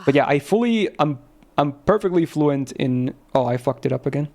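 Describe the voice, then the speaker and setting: A man's voice: fairly high pitch, animated, normal speed, a little mellow. A young man from Finland, a native Finnish speaker with a mostly American-sounding English accent, chatting casually on a livestream, laid-back, swearing freely and laughing often. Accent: near-American English, slight Finnish trace. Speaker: streamer. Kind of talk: casual livestream chat with chat readers.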